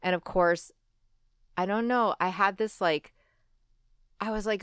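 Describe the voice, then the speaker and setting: In a conversational interview, a woman in her forties shares a candid personal story, acting out her past lines and leaning on fillers like "like" and "you know." Her voice is clear and resonant at a measured pace, dropping quiet and low over regrets. The recording is dry and clean, made in a studio.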